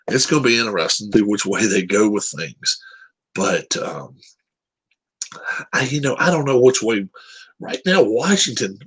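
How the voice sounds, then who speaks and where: A man talks football in a relaxed, unscripted way. His voice sits low and has a husky grain. His opinions come out blunt and salted with profanity. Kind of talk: casual sports chat.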